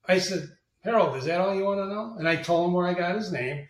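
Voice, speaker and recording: A man telling stories as a guest in an interview, animated and acting out the voices of people he quotes. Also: sits high, fast. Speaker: guest, marketing agency president. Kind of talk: storytelling interview talk. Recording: roomy, distant from the mic.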